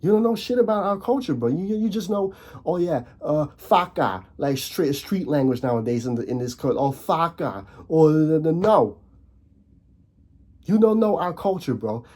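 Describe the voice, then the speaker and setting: Fired-up man ranting, dark voice. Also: expressive, moderate pace. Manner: fired-up, voice jumps high on emphatic points; frequent restarts and repeated words. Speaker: video host. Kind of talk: casual rant to camera.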